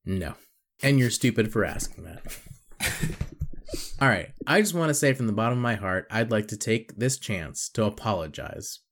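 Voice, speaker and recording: A man's voice: lowish voice, lively intonation, moderate pace, background noise. A man hosting a casual podcast quiz, reading out quotes and teasing his guests. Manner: joking, teasing.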